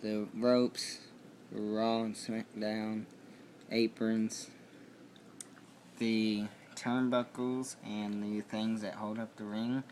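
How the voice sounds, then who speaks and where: A young man talks through a toy review at home in a loose, rambling way, full of fillers and restarts. His voice sits low and stays fairly flat, and he speaks at an unhurried pace. Faint room noise hums behind him. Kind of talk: casual video toy review.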